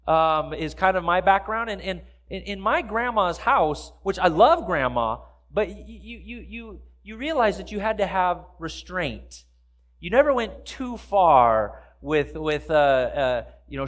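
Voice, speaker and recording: In a church sanctuary, a pastor with a high, somewhat bright voice preaches a sermon. He speaks conversationally and puts questions to the congregation.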